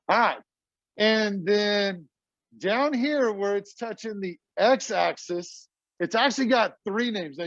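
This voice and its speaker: A chatty middle-aged math teacher with a high voice. He talks to his class in a casual, talkative way. The classroom recording sounds dull and dry. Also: no room sound.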